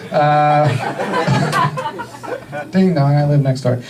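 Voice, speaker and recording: A man in his thirties from the US Northwest doing a stand-up comedy set, with a deadpan, halting delivery full of fillers. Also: mid-range voice, distant mic, over loud music, over a noisy crowd, rough recording. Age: 30s. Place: comedy club stage.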